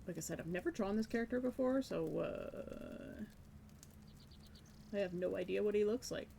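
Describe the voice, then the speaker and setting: A woman's voice: medium pitch, expressive, normal speed, gravelly, mellow, slight background noise. A woman streaming live, chatting casually while she draws, musing and self-deprecating about her work. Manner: musing, self-deprecating, breaks into light laughs.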